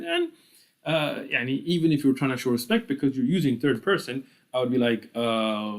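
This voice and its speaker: A man's voice: mid-range voice, very animated, moderate pace. An American man giving an explanatory religious lecture, acting out little dialogues with a laugh. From United States. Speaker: Islamic lecturer.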